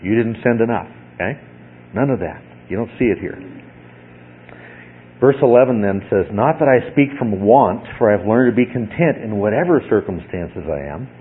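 A man's voice: lowish voice, lively intonation, normal speed, breathy edge. A man preaching a verse-by-verse teaching sermon, explaining word meanings and often checking in with his listeners. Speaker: pastor teaching a Bible class. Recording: phone-like lo-fi radio broadcast with faint noise.

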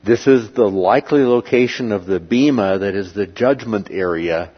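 A man teaching a Bible lesson over slides, pausing often and filling the gaps with filler sounds. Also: fairly low pitch, slightly rough, highs cut off. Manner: halting, many filler sounds between phrases.

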